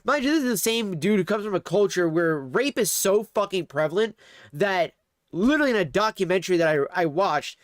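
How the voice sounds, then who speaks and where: A man's voice: sits high, lively intonation, brisk, no room sound. Male streamer, profane sarcastic ranter, dry close sound. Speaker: livestreamer. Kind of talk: angry livestream commentary. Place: home streaming setup.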